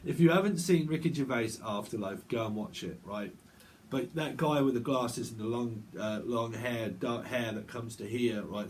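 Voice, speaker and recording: A man giving a casual tarot reading, chatty and rambling, with quick asides. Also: medium pitch, slight background noise. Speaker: tarot reader.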